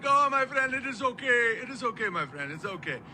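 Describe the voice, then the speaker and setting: A man's voice: very high voice, big pitch swings, a little fast, bright, forceful tone, a little hiss or hum, pitched above the performer's own voice, exaggerated voice. Man putting on a soothing taxi driver.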